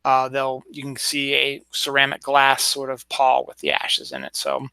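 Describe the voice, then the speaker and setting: A man's voice: medium pitch, very animated, moderate pace, creaky, sharp tone, smooth, no room sound. Rambling man hosting a solo chat show. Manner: rambling, hesitant with many fillers and restarts. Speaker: podcast host. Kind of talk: casual solo news chat. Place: at home.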